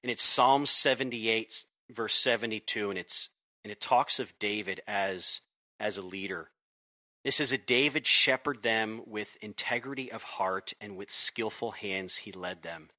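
Youth pastor, forties, bright animated storyteller guest. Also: male voice, on the low side, unhurried. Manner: animated storyteller, acts out voices. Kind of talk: casual podcast conversation.

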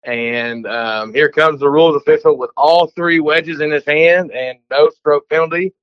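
A man from Texas calling in with a story, talking in a chatty, sometimes rushed way in a casual voice message. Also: fairly high pitch, smooth, no echo, muffled recording.

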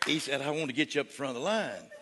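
A man preaching a sermon as a pastor, switching between loud shouted praise and soft folksy storytelling. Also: medium pitch, expressive, quick pace, background noise. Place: large church hall with congregation. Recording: long hall reverb with faint crowd.

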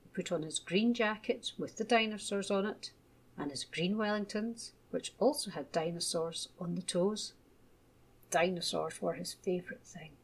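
A woman gently reading a children's story aloud. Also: fairly low pitch, breathy edge. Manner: gentle, measured.

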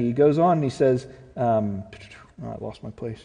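A man preaching a sermon as pastor, earnest, swinging from loud to hushed. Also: mid-range voice, lively intonation, fairly quick. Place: church sanctuary. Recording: long reverb of a church hall.

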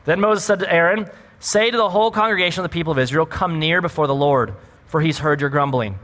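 A man preaching a sermon as a pastor, animated and full of rhetorical questions. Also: fairly high pitch, fast, big-room sound.

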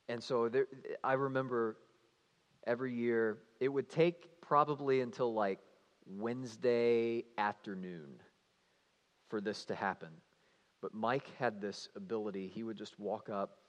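A man, a youth pastor telling stories in a lively, animated sermon, swinging between playful and hushed. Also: lowish voice. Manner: animated storyteller, shouting and mimicking for comic effect. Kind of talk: storytelling sermon. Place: church hall. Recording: reverberant church hall.

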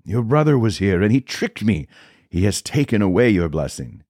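A man voicing an old blind father who speaks in slow, solemn pronouncements. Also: on the low side, very animated, darkish tone, no echo, clean studio sound, voice pushed up. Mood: shaken.

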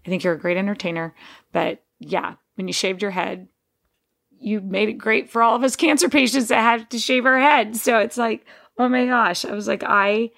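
Female podcast host, casual monologue, gravelly fry, digressive and chatty. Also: mid-range voice, fairly even intonation, normal speed, fairly bright tone. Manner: rambling, digressive, frequent restarts.

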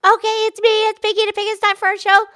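A woman's voice: very high voice, flat delivery, rapid-fire, bright, forceful tone, no room sound, clean studio sound. A woman voicing a cheerful, enthusiastic pig who hosts a children's educational show. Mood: upbeat. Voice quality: bubbly, enthusiastic. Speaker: show host.

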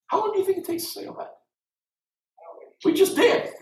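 A male pastor preaching a sermon, animated and calling on his congregation, sometimes shouting. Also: extremely high pitch, brisk, pauses often. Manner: shouting at peaks. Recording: roomy hall sound from far off.

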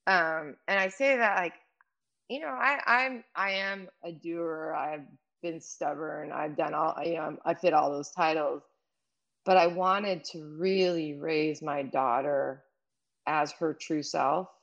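A woman's voice: low-pitched, fairly even intonation, slow pace, fairly bright tone, muffled recording. A middle-aged woman speaking candidly and emotionally in conversation, rambling with many fillers. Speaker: guest.

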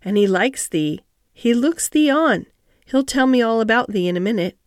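A woman's voice: a little high, lively intonation, moderate pace, no room sound, clean studio sound, natural voice. A woman voicing a cheerful country boy, talking in an easy, broad dialect. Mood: friendly. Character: cheerful country boy who talks to animals.

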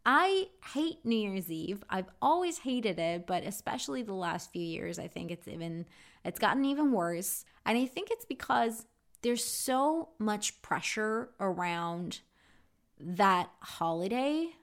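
A woman's voice: medium pitch, big pitch swings, a little slow. Woman, English teacher, casual lesson, chatty, candid, um-filled. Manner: chatty, candid, with frequent ums.

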